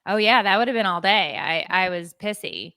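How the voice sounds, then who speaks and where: Bright-voiced woman telling a lively story. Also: mid-range voice, moderate pace, clear, resonant tone, no echo, clean studio sound. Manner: animated storytelling, acting out quoted voices. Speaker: podcast co-host. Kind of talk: casual chat.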